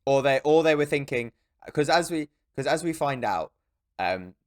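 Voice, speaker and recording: A young man co-hosting a casual film podcast, animated and swearing, often jumping into high mocking voices. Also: moderate pace, no room sound, studio quality. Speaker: podcast co-host. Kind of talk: casual film review chat.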